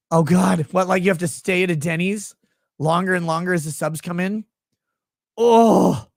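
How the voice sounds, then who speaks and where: Young man, fairly high voice, rambling crude jokes, dry close mic. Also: vocal fry, no echo. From Minnesota. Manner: rambling, crude and joking, with frequent fillers. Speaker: livestream host. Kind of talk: casual livestream chat reading super chats.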